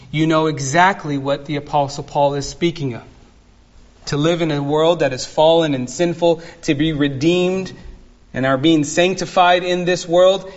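A man preaching an expository sermon as pastor, slow and earnest, dwelling on single words. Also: fairly high pitch, lo-fi sound.

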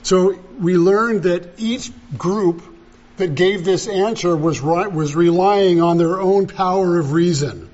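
A man preaching a sermon as pastor, deliberate and emphatic, repeating key phrases. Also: high voice, a little mellow, highs cut off.

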